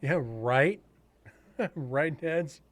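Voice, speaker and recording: A man's voice: fairly high pitch, lively intonation, very slow, fairly bright tone. A man casually commenting on a live stream as he edits and reviews audio clips, thinking aloud and chatting with viewers.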